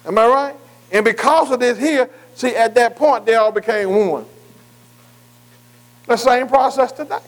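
A man preaching a sermon. He reads scripture slowly and keeps asking the congregation whether he is right. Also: very high voice, rough recording. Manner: repeatedly asks "am I right?". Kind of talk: sermon with call-and-response.

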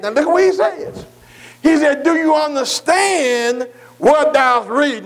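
A man preaching a sermon, reading scripture slowly and drawing out the words, then asking his congregation questions and repeating phrases for emphasis. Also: very high-pitched. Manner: slow, drawn-out reading of scripture.

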